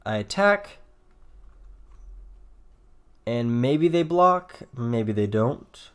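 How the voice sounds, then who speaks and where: A man's voice: medium pitch, animated, extremely slow, clear, resonant tone. A man giving casual commentary over his own card game, rambling and thinking aloud with fillers, yawning and a bit tired. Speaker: gameplay commentator.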